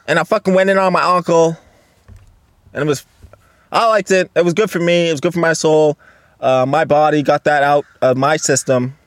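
A man hosting a solo casual podcast, rambling and swearing, jumping between loud outbursts and low mutters, recorded on a phone and laptop. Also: no room sound. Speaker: podcast host.

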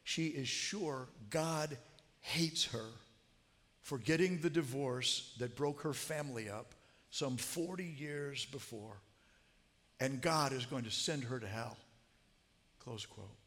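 A man's voice: medium pitch, slow, fairly bright tone. A man telling a story in a sermon, earnest and growing emphatic as he quotes. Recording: long hall reverb.

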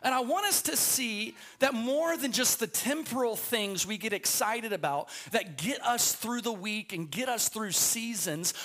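A man's voice: high voice, pushed and bright. A man preaching a sermon as pastor in a church sanctuary, telling stories with stammering restarts.

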